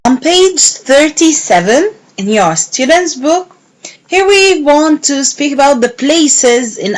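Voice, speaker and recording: A woman teacher giving a recorded English lesson to young pupils, repeating words slowly and clearly. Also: high-pitched, poor audio. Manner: slow, clear, repeating words and clapping syllables.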